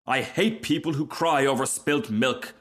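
A man's voice: mid-range voice, measured pace, fairly bright tone, pitched above the performer's own voice, natural voice. A man voicing a pompous, self-pitying male firework rocket in a storybook reading, haughty and theatrical.

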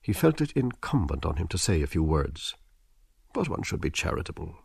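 A man narrating an audiobook in a measured, expressive literary reading. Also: low voice, gravelly, breathy edge, dry recording, studio quality. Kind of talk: scripted narration.

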